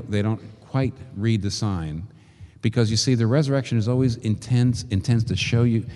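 A man preaching a sermon in an animated way, acting out quoted voices and repeating phrases for emphasis. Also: lowish voice, long reverb tail.

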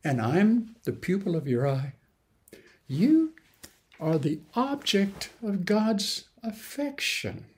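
A man preaching a sermon in an earnest way, with sudden emphatic rises and halting restarts. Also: high-pitched, sing-song, a little mellow. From grew up in the mountains.

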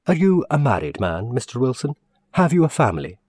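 Guy putting on fussy eager manager type, formal and emphatic, pitched up, dry close sound. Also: big pitch swings, brisk, a little mellow, breathy edge, no room sound. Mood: earnest. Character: eager fussy male league manager, middle-aged.

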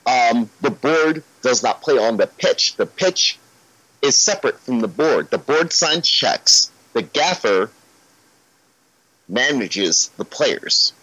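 A man's voice: medium pitch, very animated, slow pace, bright, forceful tone, breathy edge, no room sound, lo-fi sound. A man speaking as a guest on a football podcast, talking in a casual, ranty way and swearing when he gets worked up.

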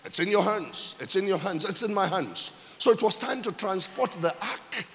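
A male pastor preaching a sermon, repeating key phrases and shouting for emphasis. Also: high-pitched, animated, normal speed, slight background noise. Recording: long hall reverb.

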